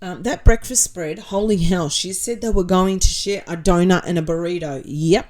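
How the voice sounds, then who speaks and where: Hosting a relaxed livestream, this Australian woman reads comments from viewers and fires back with bluntness, sarcasm and the occasional swear word. She speaks at a normal speed in a low, mellow, warm voice.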